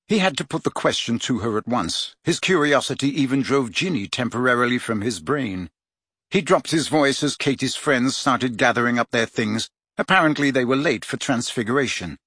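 A man reading a children's novel aloud as an audiobook narrator, in a measured storytelling manner. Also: medium pitch, animated, fairly bright tone, slightly rough, no echo, clean studio sound. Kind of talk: scripted narration.

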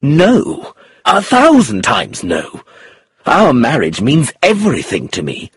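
A man's voice: fairly low pitch, wildly swooping pitch, a little slow, a bit bright, husky, dry recording, full character voice. A man voicing a reserved husband torn by guilt in an audiobook, speaking with pleading emotion. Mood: impassioned. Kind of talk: audiobook character reading.

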